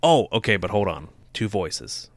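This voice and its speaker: Animated joking male podcast co-host. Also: on the low side, moderate pace, no echo, clean studio sound. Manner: joking, animated, jumps into silly voices. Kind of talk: casual chat.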